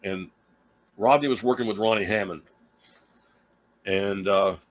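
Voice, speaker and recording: A middle-aged man with a fairly low voice tells an old studio story in a loose, rambling way. He restarts phrases and drifts into asides as he talks from his small home studio. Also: a little slow, dry recording, rough recording. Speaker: guitar teacher and livestream host. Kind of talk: casual storytelling.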